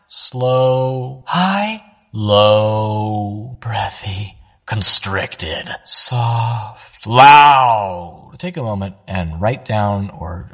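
A man teaching voice acting, walking listeners through how a character might sound in a calm, reflective way. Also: on the low side, husky. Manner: explains voice traits in a calm, reflective way. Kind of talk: instructional talk.

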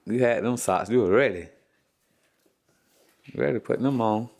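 Speaking at a normal pace in a fairly low, darkish voice, this dad runs a laid-back home vlog. He ribs his children with crude jokes, and the banter is full of laughter.

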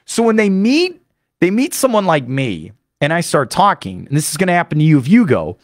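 An American man, a sports radio host, talking fast and eagerly in a studio monologue. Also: a little high, wildly swooping pitch, dry recording. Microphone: studio microphone.

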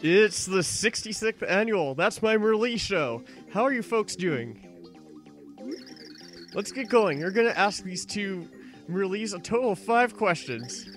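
A man's voice: high-pitched, lively intonation, a little slow, a bit bright, soft background music. A man reading the lines of a brash game-show host from a video game, in showy announcer patter.

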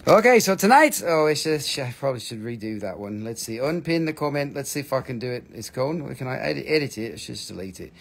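A man hosting a live-stream mineral sale. He talks in excitable, joking bursts, and his English has non-native phrasing. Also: mid-range voice, fast, gravelly, few pauses. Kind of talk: live-stream sales pitch.

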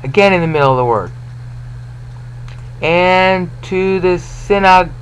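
A man talks through a scripture lesson at an unhurried, deliberate pace. His voice sits a little high for a man. He keeps turning to the listener with questions, and a faint noise hangs behind him. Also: poor audio. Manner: explanatory, repeats and restarts words, asks listener questions. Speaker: Bible teacher. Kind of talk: informal Bible lesson.

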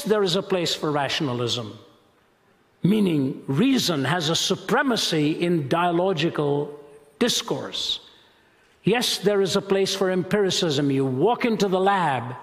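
Passionate male lecturer with gravelly edge. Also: sits high, long reverb tail. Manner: passionate, emphatic, rhetorical. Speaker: Christian apologist speaker. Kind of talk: lecture-style sermon.

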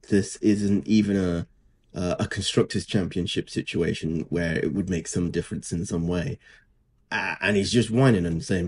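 A man's voice: sits low, expressive, normal speed, darkish tone, a little hiss or hum. A man, co-hosting a podcast in casual, sarcastic chat. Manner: dry, sarcastic, mocking impressions. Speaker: podcast co-host.

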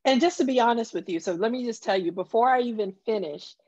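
In a conversational interview, a female guest with a Southern accent, hailing from the Southern US countryside, tells personal stories earnestly and from the heart. She talks fast in a fairly high, slightly mellow voice. The audio is dull, with no room sound.

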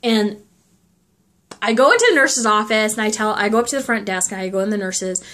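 A young woman chats through a storytime vlog, dropping "like" into nearly every sentence. She coughs often as she goes, and her pitch sits in a middle range. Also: fairly quick, a bit bright. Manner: chatty, lots of filler "like". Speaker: vlogger. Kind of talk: casual storytime.

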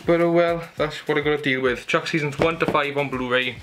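A man's voice: fairly high pitch, fairly even intonation, a little fast. Chatty young man, music behind. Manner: chatty, enthusiastic, rambling. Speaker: YouTuber showing Christmas gifts. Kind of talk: casual haul video. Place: at home in his room. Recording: background music under the voice. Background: music playing.

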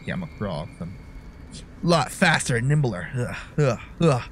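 A man's voice: medium pitch, sing-song, moderate pace, a bit bright, slight background noise. A young man doing casual gameplay commentary, jokey and profane, breaking into sudden yelps. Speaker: let's-play gamer.

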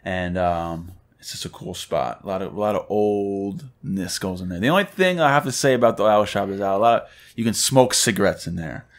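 A man's voice: deep voice, lively intonation, fairly quick. A man co-hosting a podcast, chatting casually and telling stories. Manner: laid-back, swears casually, acts out funny stories. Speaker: podcast co-host. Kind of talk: casual chat. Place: cigar lounge podcast set.

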